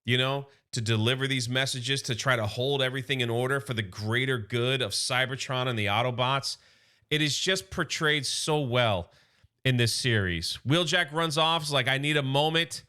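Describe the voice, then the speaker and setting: Bright-voiced man recapping a comic. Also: medium pitch, normal speed, smooth. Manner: chatty retelling, voicing characters' lines, many "you know" and "he's like". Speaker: comic book reviewer.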